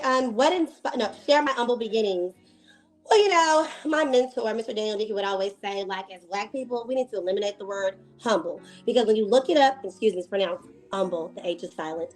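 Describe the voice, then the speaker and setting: A woman with a Texan accent from Dallas, talking in a sassy, playful, animated way in a casual interview. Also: mid-range voice, rough recording. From Dallas, Texas. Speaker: interviewee, media personality.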